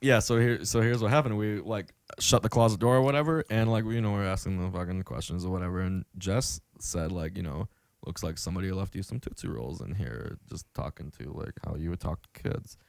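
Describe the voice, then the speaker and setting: A man's voice: on the low side, a little fast, vocal fry, hardly any pauses, no room sound. A young man hosting a podcast, telling a rambling, profane story full of fillers. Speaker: podcast host. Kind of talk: casual chat.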